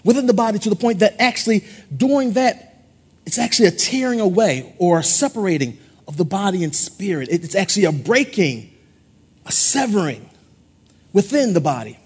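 A middle-aged male pastor, preaching a playful call-and-response sermon in a husky voice. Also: high voice, expressive, moderate pace.

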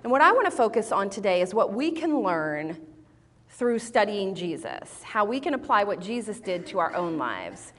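A woman teaches a women's group in a sermon style, telling stories with lively, expressive rises and falls in her voice. Her voice sits in a middle register. A long reverb from a large hall hangs behind her words. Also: mid-range voice, normal speed. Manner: animated, expressive storytelling. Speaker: speaker at a women's Bible study.

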